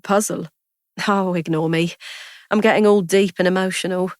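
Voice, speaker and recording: A woman reading a story, voicing a kind, impulsive young woman who speaks in a lively, affectionate way. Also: fairly low pitch, normal speed, dry recording, clean studio sound, natural voice. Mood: warm.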